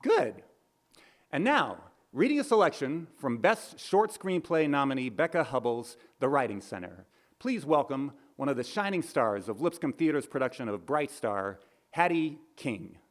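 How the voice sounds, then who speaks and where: A man emceeing an award show with a deadpan, self-mocking streak. His pitch moves a lot while he jokes and introduces guests. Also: moderate pace. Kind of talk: comic emcee patter.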